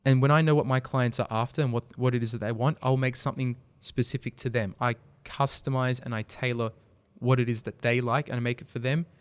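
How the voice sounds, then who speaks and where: A man speaking in a smooth, clean voice at a middle pitch. He tells stories earnestly as a podcast guest and livens up when he makes a point. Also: brisk, few pauses. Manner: earnest, storytelling, animated when making a point. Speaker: podcast guest, video company founder. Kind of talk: casual conversational interview.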